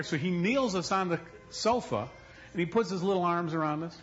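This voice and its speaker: A middle-aged man preaching a sermon, telling a story with acted quotes, moving from loud to hushed. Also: high-pitched, a little fast, dull audio. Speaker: pastor.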